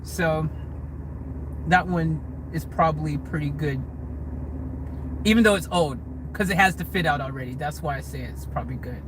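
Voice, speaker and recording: A man's voice: a little high, normal speed, long pauses, noisy background. A man from the United States chatting on a livestream Q&A, reading out comments and answering in a rambling, hedging way with lots of restarts. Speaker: vlogger answering live chat. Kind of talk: livestream Q&A chat. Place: inside a car.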